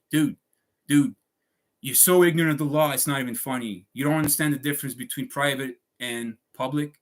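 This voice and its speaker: A man's voice: mid-range voice, brisk. A man ranting to his viewers in a heated monologue, swearing often and repeating himself. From Canada. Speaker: vlogger.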